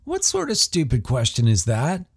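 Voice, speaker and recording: A man's voice: lowish voice, big pitch swings, unhurried, mellow, husky, no echo, studio quality, heavily acted. A man voicing a mean-spirited teenage boy who talks in a blunt, sneering way.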